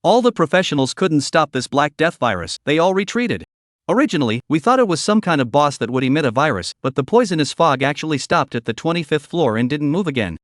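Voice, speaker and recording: A man narrating a scripted story recap in a steady, even reading voice. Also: on the high side, quick pace, dry recording, studio quality.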